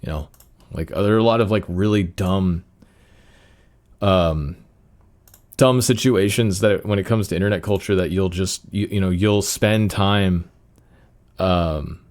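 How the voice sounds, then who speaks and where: A man's voice: sits low, a little slow, pauses often, a little mellow. A young man hosting a solo podcast, rambling casually with many fillers and restarts. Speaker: podcast host.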